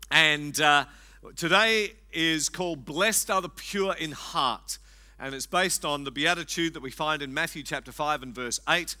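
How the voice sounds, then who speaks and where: A man preaching a sermon in a conversational, gently humorous way with frequent fillers. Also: a little high. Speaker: pastor.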